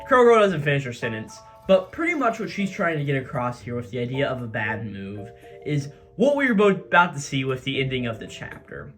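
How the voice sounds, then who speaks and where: A man recaps a comic chapter in a casual, chatty way, full of fillers. His delivery is animated and lively. Faint music plays behind him. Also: medium pitch, a little fast. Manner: chatty, filler-heavy storytelling. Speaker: manga recap host.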